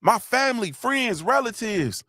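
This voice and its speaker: Man, middle-aged, live motivational talk, repetitive and heartfelt, higher pitch. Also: animated, a little slow, dry recording, studio quality. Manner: repetitive, preachy, shouts out viewers; gets emotional, voice drops low.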